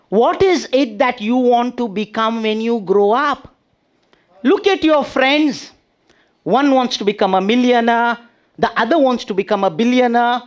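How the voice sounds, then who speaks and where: A man's voice: very high-pitched, smooth, pitched above the performer's own voice. A man voicing a stern but caring female schoolteacher who questions a pupil with pleading, scolding questions.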